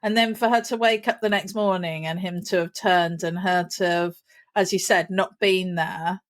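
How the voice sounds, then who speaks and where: A woman's voice: on the low side, fairly even intonation, normal speed. A woman, co-hosting a podcast, talking emotionally in a rambling way. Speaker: podcast co-host. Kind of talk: casual chat.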